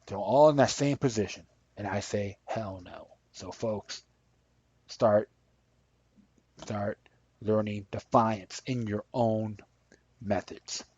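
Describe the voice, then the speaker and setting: A man's voice: fairly low pitch, fairly even intonation, takes it slowly, long pauses, a little mellow, breathy edge. A man hosting a podcast, giving rambling, impassioned political commentary and reading articles aloud. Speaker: podcast host. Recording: dull lo-fi dry recording.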